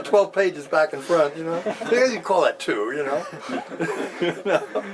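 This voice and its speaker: An older man in his sixties shares a personal memory in an interview, his pitch rising and falling freely as he laughs through the telling. A clear electrical hum runs under the whole recording. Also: unhurried. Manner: animated, laughs often while telling the story. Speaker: interviewee recounting his past. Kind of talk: personal storytelling.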